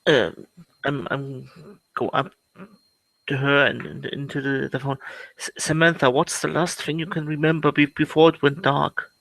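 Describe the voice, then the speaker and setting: A man playing a tabletop game, speaking in character in a halting, soothing way. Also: a little high, steady tone, vocal fry, a bit bright, no echo, poor audio. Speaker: player.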